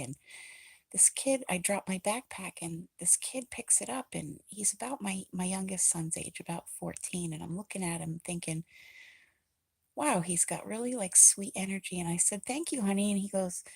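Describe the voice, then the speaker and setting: Woman, downcast confessional talker, husky and soft, trailing into breathy near-whispers, dry close sound. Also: sits low, no echo. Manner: rambling, with many filler pauses. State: feeling low and emotional. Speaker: vlogger. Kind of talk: casual confessional monologue.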